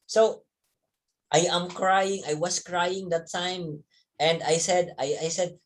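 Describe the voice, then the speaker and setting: A man's voice: sits high, steady tone, slow pace. A man, a teacher telling young students a story from his childhood, repeating words and chuckling as he goes. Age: 30s.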